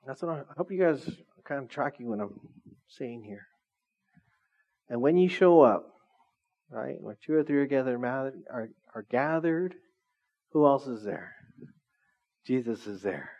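A pastor with a medium-pitched, warm voice preaches a casual, conversational sermon to a small church, joking and addressing the congregation directly. His intonation is lively and his pace measured, with frequent pauses. The recording is dull and lo-fi.

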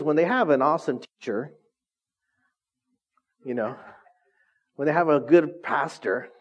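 Joking pastor, fairly high voice. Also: male voice, darkish tone. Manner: conversational, joking, constantly quizzes the congregation. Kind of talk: sermon. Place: church, before a congregation.

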